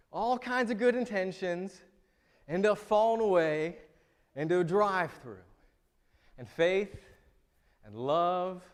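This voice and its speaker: A male pastor with a notably high voice delivers a sermon in a loose, joking, conversational manner. His words ring out with a long reverb from the church around him. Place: church sanctuary.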